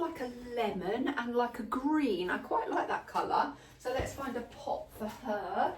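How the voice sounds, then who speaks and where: A woman's voice: fairly high pitch, animated, measured pace, hardly any pauses, slight background noise. Chatty woman in a roomy greenhouse. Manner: chatty and rambling, lots of ums and likes. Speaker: gardening vlogger. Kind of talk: casual chat while potting plants. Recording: roomy, mic at a distance.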